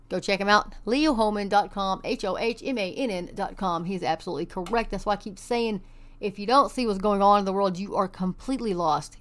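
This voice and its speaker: A woman from Texas hosting an online commentary show, reading news articles aloud and adding sarcastic, scoffing asides. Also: mid-range voice.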